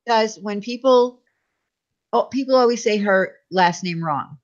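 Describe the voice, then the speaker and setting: A woman co-hosting a casual chat, explaining things in an unhurried, chatty way. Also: mid-range voice, highs cut off. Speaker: co-host.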